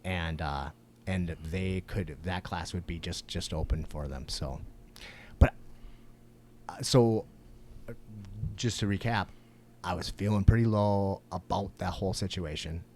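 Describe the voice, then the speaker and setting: Deep-voiced podcast co-host, rambling. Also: male voice, measured pace, pauses often, darkish tone, slight background noise. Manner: rambling, profane, many fillers and restarts. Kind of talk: casual chat.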